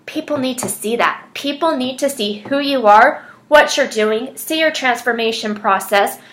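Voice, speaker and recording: A woman's voice: high voice, moderate pace, fairly bright tone. A woman telling her personal story as a fitness coach, earnest and chatty with lots of fillers. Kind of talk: personal story, casual monologue.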